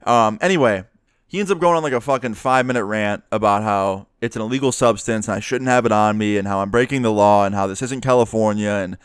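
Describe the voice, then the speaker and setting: A young man from the New York area tells a personal story in a chatty, profane, animated way. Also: fairly low pitch, fast talker, clean tone, dry recording, studio quality. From New York area, USA. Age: young adult. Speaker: vlogger. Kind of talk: casual storytime monologue.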